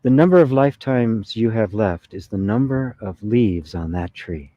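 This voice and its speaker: A man doing a calm, unhurried old sage. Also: fairly low pitch, no room sound, muffled recording.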